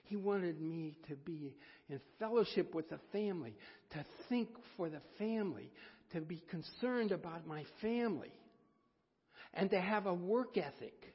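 A man preaching a folksy, self-deprecating sermon, with halting restarts. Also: sits high, expressive, slightly rough. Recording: dull sound, long hall reverb.

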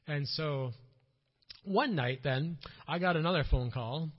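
A man's voice: mid-range voice, moderate pace, breathy edge. A man speaking as a missionary at a church conference, telling stories from his work and acting out the people in them. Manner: animated storyteller, acts out quotes loudly. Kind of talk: mission talk with storytelling. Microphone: church PA recording. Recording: dull lo-fi audio.

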